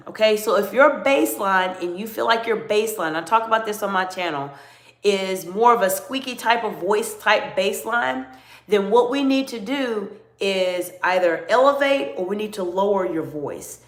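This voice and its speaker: A woman's voice: animated, moderate pace. Encouraging woman coaching in a roomy echo. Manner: encouraging, answers viewers by name; demonstrates by lowering her voice. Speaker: communication coach. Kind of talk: live-stream coaching Q&A.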